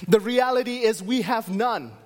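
A man's voice: very high-pitched, normal speed. A man preaching a sermon as pastor, driving his points home through repeated, emphatic refrains.

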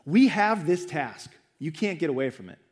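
A pastor, a young man, delivering a sermon in an earnest, repetitive style. His voice sits a little higher than most men's, and each point climbs as he stresses it again. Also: very animated, moderate pace. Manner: earnest, repetitive preaching with rising emphasis. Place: church.

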